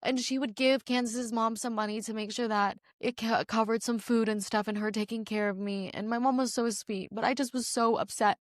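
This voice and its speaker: A woman's voice: on the high side, fairly even intonation, fairly quick, hardly any pauses, no echo, studio quality. A young woman, hosting a podcast and telling a personal story in a casual, rambling way with lots of "like"s. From Canada. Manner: rambling, many "like"s, emphatic and candid. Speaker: podcast host.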